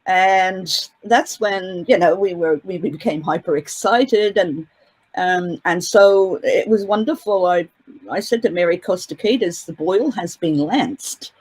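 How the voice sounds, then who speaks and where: A woman's voice: lowish voice, unhurried, darkish tone, breathy edge, poor audio. A woman giving a casual interview as a guest commentator, talking in long winding sentences with many fillers and restarts. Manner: hesitant, with frequent fillers. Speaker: guest commentator on a court case.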